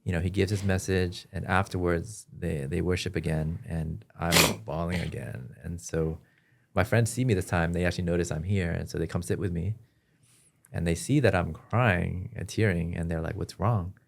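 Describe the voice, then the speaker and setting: A man as a podcast guest, telling his personal story in an earnest, halting way with frequent restarts. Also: low-pitched, fairly even intonation, gravelly. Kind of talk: personal testimony in an interview.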